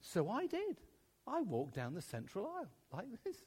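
A man's voice: high voice, wildly swooping pitch, normal speed, a little mellow, husky. A man preaching a sermon, telling stories with acted-out dialogue and laughing often as he speaks. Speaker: pastor.

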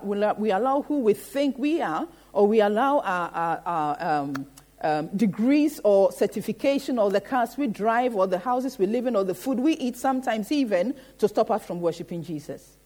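A woman preaching a sermon in a church, often pausing to ask the congregation "Amen?" and building her points through repetition. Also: a little high, expressive, darkish tone. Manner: rhetorical, repeats "Amen?" to the congregation.

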